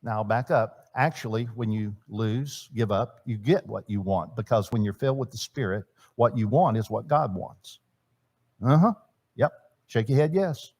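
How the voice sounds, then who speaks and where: A man teaching a church marriage seminar in a sermon style, swinging between loud emphasis and quiet asides and asking his audience questions. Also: fairly low pitch, normal speed. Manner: chatty, asks the audience questions. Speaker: seminar speaker. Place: church hall.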